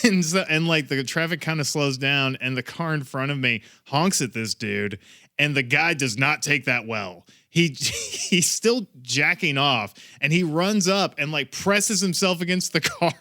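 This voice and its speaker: A man's voice: a little high, unhurried, bright, forceful tone. A man co-hosting a podcast, telling a crude story in a rambling, swearing way and laughing as he goes. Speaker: podcast co-host. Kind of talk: casual comedic storytelling.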